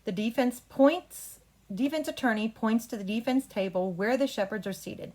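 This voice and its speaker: In a brisk, instructive manner, a drama coach guides an actor through a play rehearsal, going over cues and line readings. Her voice is a little high with a darkish tone.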